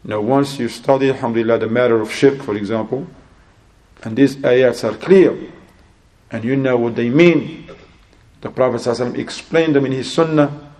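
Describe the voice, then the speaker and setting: A man giving a religious sermon in English, telling a story and acting out both sides of a conversation in a lively, rising voice. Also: medium pitch, fairly quick, long pauses. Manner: acts out dialogue in an animated, rising voice; non-native English with Arabic religious terms. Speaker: Islamic preacher.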